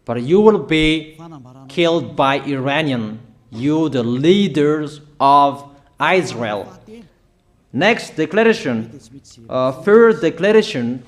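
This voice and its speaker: Male preacher, prophetic sermon; slow, weighty declarations, a touch high in pitch. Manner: slow, emphatic declaring with pauses and fillers.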